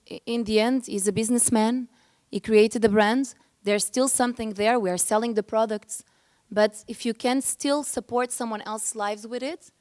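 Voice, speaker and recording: A woman's voice: a little high, a little mellow. Earnest woman. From Portugal. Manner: earnest, restarts often, gets emotional. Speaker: panel speaker. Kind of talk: panel discussion.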